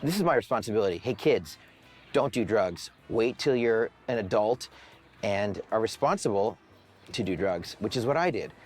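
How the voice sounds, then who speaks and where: A record label president tells profane stories in a documentary interview. His pitch rises and falls with the story as he slips into the voices of the people he quotes. Faint music plays under him. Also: expressive, normal speed.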